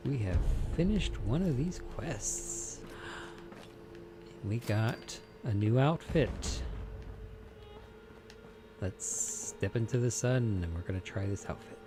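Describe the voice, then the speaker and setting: A man's voice: medium pitch, animated, slow pace, long pauses. A man giving casual, chatty commentary while playing a video game and reading out menus as he goes. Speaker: let's play host. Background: game music.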